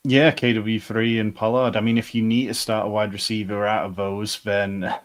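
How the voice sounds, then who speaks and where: A male fantasy football co-host with a fairly low voice. He talks in a calm, measured way, laying out matchups and trade logic. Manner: measured and analytical. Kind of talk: live casual sports advice chat.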